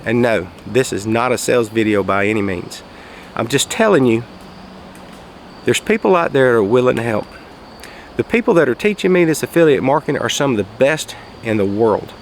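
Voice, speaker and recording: Man, folksy casual storyteller, gravelly, outdoors with faint street noise. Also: mid-range voice, lively intonation, normal speed. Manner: folksy, raises his voice for quoted shouts. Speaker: vlogger telling a story. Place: outdoors, quiet spot near traffic.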